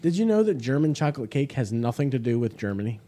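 A man's voice: mid-range voice, very animated, fast, mellow. A young man hosting a casual podcast, reading beer labels aloud and explaining the style. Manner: reads product blurbs aloud, explanatory. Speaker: podcast host.

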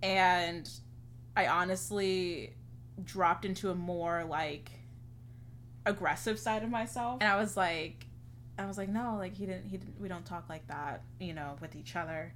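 A young woman with a bright, clear voice tells a rambling story on a casual podcast. She fills her talk with "like" and slips into quick impressions of the people she describes. A faint hiss sits under her voice. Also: lowish voice. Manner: chatty, heavy use of "like", acts out quotes. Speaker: podcast co-host.

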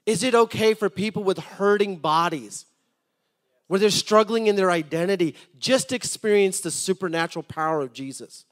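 A man preaching a sermon to his congregation, swinging from loud appeals to soft, hushed storytelling and repeating words as he starts a thought. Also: high-pitched, normal speed.

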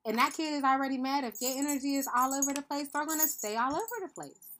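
A woman's voice: sits high, fast, a bit bright, a little hiss or hum. A woman hosting a podcast, talking through ideas in an earnest, reflective monologue and checking in with listeners with a frequent "right?". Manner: calls listeners "beloved". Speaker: podcast host.

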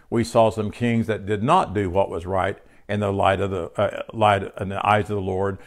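An older man preaching a sermon in an earnest, halting way, often restarting and repeating words as he teaches. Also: lowish voice.

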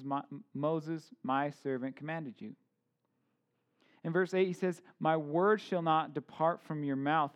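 A man in his thirties preaching a casual sermon, informal, with joking asides and many fillers and restarts. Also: a little high. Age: 30s. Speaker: pastor.

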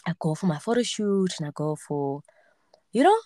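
A woman's voice: fairly low pitch, normal speed, no room sound. Chatty woman in her twenties, dry sound. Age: 20s. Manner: animated storytelling, acts out quoted voices. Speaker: podcast host. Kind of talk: casual chat.

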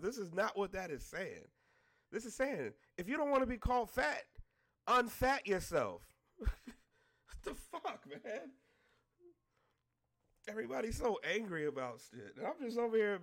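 A man's voice: sits high, a bit bright. A man delivering a blunt, exasperated, profane rant straight to his audience. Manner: blunt, exasperated, heavy swearing.

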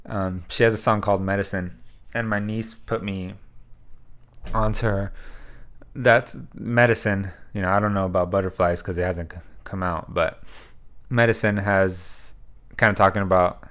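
A man's voice: deep voice, fairly even intonation, moderate pace, a bit bright. A man co-hosting a podcast, chatting casually and rambling with lots of fillers and swearing. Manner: loose, rambling, swears freely, many fillers. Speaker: podcast co-host. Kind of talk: casual chat.

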